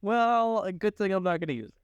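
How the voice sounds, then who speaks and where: Young male co-host, smooth clear tone, animated pitch, quick deadpan jokes, dry sound. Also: dry recording, lo-fi sound. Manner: joking, quick deadpan quips. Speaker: podcast co-host. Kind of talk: casual chat.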